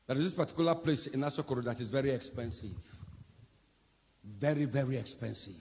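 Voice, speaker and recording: A man with a Nigerian English accent preaching a sermon as pastor, shouting and chanting phrases with fervour in a large church auditorium. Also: medium pitch, animated, fairly quick, slight background noise. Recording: echoey hall with music behind.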